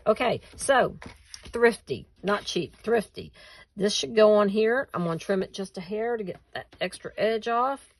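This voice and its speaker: A woman's voice: mid-range voice, moderate pace, dry recording. Chatty woman crafting at her desk. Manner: chatty, laughs at herself, talks to viewers while working. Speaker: craft tutorial host. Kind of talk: casual crafting tutorial.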